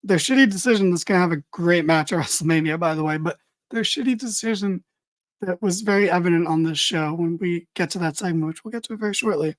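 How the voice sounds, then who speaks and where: A woman's voice: on the low side, fast talker. A woman giving a casual, opinionated wrestling recap, blunt and swearing freely as she reads viewer comments. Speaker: wrestling show reviewer.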